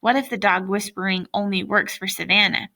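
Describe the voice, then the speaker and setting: A woman's voice: medium pitch, steady tone, fairly quick, sharp tone, recorded from a distance. Woman reading as a skeptical schoolboy. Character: doubtful schoolboy friend.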